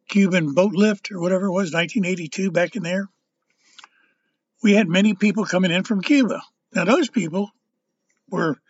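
Older man rambling, high husky voice. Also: no room sound, muffled recording. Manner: rambling, halting, stumbles over words. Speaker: political commentator. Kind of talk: casual political monologue.

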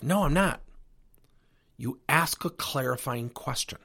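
A man's voice: mid-range voice, slow, gravelly, long pauses, husky. A middle-aged man hosting a leadership coaching podcast, talking earnestly to listeners. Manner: animated, earnest coaching delivery. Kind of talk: solo podcast talk.

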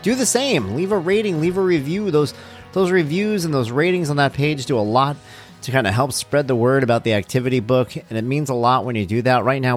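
A man hosting his own podcast in casual chat, upbeat and chatty with rambling asides, close to the mic. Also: medium pitch. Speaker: podcast host.

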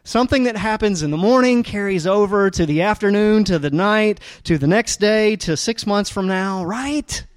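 A man preaching a sermon as a pastor, talking casually with lots of fillers and restarts, and getting animated when he tells stories. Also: high-pitched, moderate pace, few pauses, no room sound, clean studio sound. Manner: conversational, rambling with fillers and restarts; animated storytelling with rising energy.

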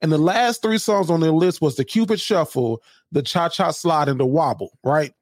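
On a comedy podcast, a man with a higher-pitched voice co-hosts at normal speed, chatting loosely and retelling stories with quoted lines. The studio sound is clean and dry.

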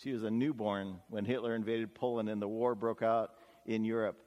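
A man's voice: fairly low pitch, fairly even intonation, normal speed, lo-fi sound. A middle-aged man preaching as pastor, telling stories in a folksy, earnest, chatty way full of 'uh' and 'you know'. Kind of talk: conversational storytelling sermon. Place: church sanctuary. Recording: long hall reverb in a church.

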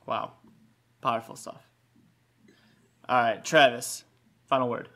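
A man's voice: mid-range voice, steady tone, slow, vocal fry, fairly bright tone. Man moderating a mock debate. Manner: mock-formal, announces points. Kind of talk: mock game-show hosting.

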